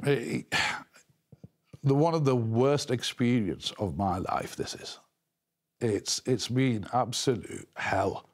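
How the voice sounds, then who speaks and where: A man giving an emotional news interview, talking haltingly with many restarts and repeated words. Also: mid-range voice, lively intonation, darkish tone. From England.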